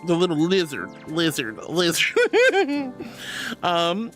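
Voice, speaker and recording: Bubbly woman streamer with lively pitch. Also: moderate pace, faint music behind. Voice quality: squeaky laugh. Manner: bubbly, affectionate, calls viewers sweetheart and darling. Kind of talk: live-stream chat reading.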